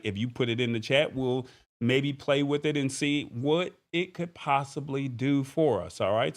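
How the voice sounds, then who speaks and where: A man hosts a live tech show in a casual, chatty way. He talks to his viewers directly, with an easygoing, conversational flow. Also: medium pitch. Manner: relaxed, chatty, thanks viewers by name. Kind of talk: casual livestream chat.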